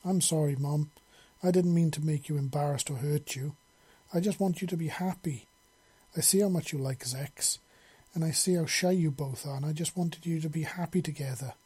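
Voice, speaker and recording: Man reading as a tearful young alien girl, pleading, mellow and husky, storybook. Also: on the high side, moderate pace. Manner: sobbing, pleading.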